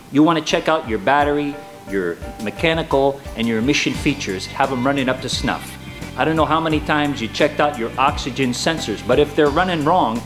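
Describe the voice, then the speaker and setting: In a mid-range voice close to his everyday one, a man plays a folksy, overacted used-car dealer, rattling off tips in comic salesman patter for a sketch.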